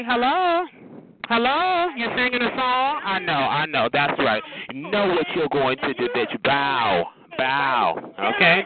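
A man trash-talking over a phone chat line in a sassy, taunting manner. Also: medium pitch. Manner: sassy, taunting, repeats "bitch" and "honey". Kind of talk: aggressive phone trash talk. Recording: tinny phone line with loud hiss.

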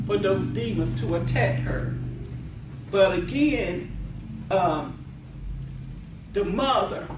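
Slow, echoey woman preacher. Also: medium pitch, noisy background. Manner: emphatic, laughs often, repeats and restarts words. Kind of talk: sermon at a deliverance meeting. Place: meeting venue. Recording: echoey room, voice from far off.

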